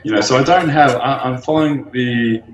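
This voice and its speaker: A man's voice: mid-range voice, normal speed, roomy sound, a little hiss or hum, low-quality recording. A man in his twenties, a bodybuilder guest in a casual interview, laid-back and casually swearing. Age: 20s.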